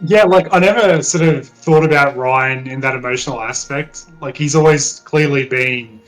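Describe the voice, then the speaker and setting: A man appearing as a guest on a casual podcast, answering thoughtfully with soft hedges. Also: medium pitch, moderate pace, faint music behind, low-quality recording. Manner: thoughtful, hedging with 'sort of' and 'like'. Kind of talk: casual chat.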